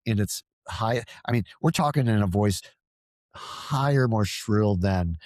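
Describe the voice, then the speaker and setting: On the low side and darkish in tone, this man speaks expressively and unhurriedly as a guest on a casual podcast, discussing his paranormal field research. Earnest and rambling, he often stammers and begins again. No echo is present.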